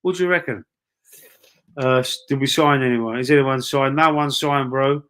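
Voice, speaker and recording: A Cockney man from the East End chats his way through a live stream, reading messages from viewers. He talks loosely and swears often, calling everyone bro and mate. His voice sits at an ordinary, middle pitch. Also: fairly even intonation, normal speed, fairly bright tone, clean tone. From East London, England. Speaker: livestream host reading chat. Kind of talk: casual live-stream chat.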